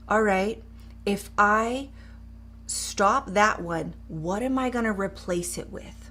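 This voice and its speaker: Upbeat, encouraging woman coach. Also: mid-range voice. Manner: upbeat, encouraging, talks directly to viewers; guides a short eyes-closed exercise in a softer voice. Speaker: mindset coach. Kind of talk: live coaching demonstration.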